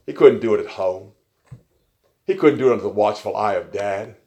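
A man preaching a sermon, telling stories with folksy, joking asides and swinging between quiet remarks and loud emphasis. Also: on the low side, brisk.

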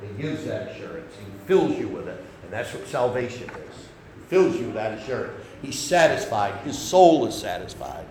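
A man preaching a sermon, folksy and conversational, swinging between loud emphasis and soft asides. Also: mid-range voice, big pitch swings, moderate pace, hardly any pauses, reverberant, a little hiss or hum, low-quality recording.

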